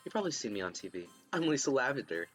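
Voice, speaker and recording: A man voicing a poised female TV journalist who speaks briskly and a little haughtily, with faint music behind. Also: medium pitch, big pitch swings, fairly bright tone.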